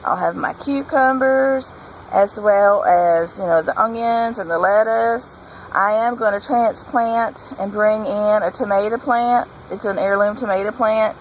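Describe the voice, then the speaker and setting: A woman's voice: medium pitch, unhurried, a little hiss or hum, low-quality recording. A woman vlogger chatting casually and enthusiastically while she works on a patio garden, rambling from one thought to the next. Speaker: homesteading vlogger.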